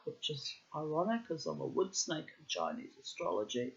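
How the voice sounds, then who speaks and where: A woman's voice: low voice, very animated, normal speed, muffled recording. A woman with a New Zealand accent telling a rambling personal story straight to the viewer, blunt and profane. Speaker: vlogger.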